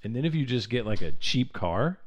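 A man's voice: mid-range voice, very animated, brisk. A man co-hosting a podcast in casual chat, reacting to his friend's story and chiming in with teasing jokes. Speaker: podcast co-host.

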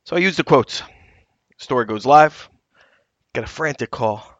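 A man's voice: medium pitch, unhurried, no echo, dull audio. A man co-hosting a podcast as a reporter, telling stories animatedly and acting out quotes. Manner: animated storyteller, acts out quotes. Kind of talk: casual podcast chat.

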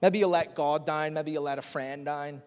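A man preaches, slipping into loose asides and quick laughs at his own expense. His voice sits a little high, and the words carry a long reverb through a big church hall. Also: steady tone, clean tone. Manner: chatty, self-deprecating, laughs often. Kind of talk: sermon.

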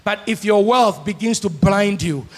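A man preaches in a high, husky voice. He swings between quiet asides and shouted, half-sung lines. The sound rings with the long reverb of a large church hall. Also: unhurried. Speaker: pastor. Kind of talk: sermon.

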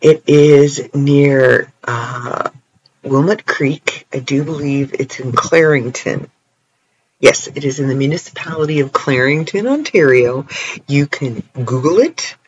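Alone indoors at night, a tired Canadian vlogger chats casually and playfully in a rambling solo video while stretching his sore legs. His medium-pitched voice moves slowly, and the audio is dull with a little hiss or hum.

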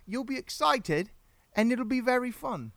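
Man doing a drunken pirate, fake British accent, raised pitch, sly and slurring. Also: lively intonation, measured pace, vocal fry, fairly bright tone, dry recording, exaggerated voice. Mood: teasing. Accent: put-on British. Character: drunken swaggering male pirate.

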